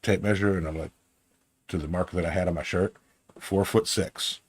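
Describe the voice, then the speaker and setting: A man with a very low voice, chatting on a podcast in a loose, rambling way. He jokes a lot and circles back on himself mid-sentence. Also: fairly even intonation, normal speed, breathy edge. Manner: rambling, joking, with many restarts and fillers. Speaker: podcast co-host. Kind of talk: casual podcast chat.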